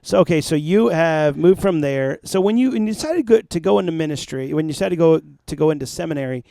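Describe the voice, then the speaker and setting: Man, podcast host, eager questions, higher voice, dry room. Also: expressive, creaky, mellow, no echo. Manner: enthusiastic, quick reactions and laughs. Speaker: podcast host, church planter. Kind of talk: casual interview chat.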